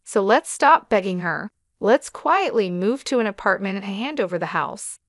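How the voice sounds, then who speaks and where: A spoiled young woman who whines and sounds self-righteous, read by a woman in her plain voice. Her pitch rises and falls freely. The recording is dry and close. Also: lively intonation, normal speed, no echo, close to an everyday voice.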